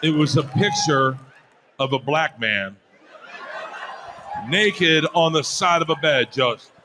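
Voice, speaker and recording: A man telling a stand-up story, laughing as he goes and shouting the punchlines. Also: fairly high pitch, slow pace, crowd noise, noisy background. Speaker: stand-up comedian.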